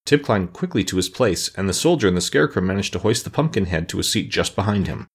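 Husky low-voiced guy reading an audiobook, very lively. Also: quick pace, hardly any pauses. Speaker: narrator. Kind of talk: audiobook narration.

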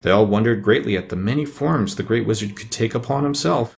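An audiobook reader with a lowish, slightly fast voice and some vocal fry narrates a children's storybook. He reads expressively, giving each character its own voice in turn.

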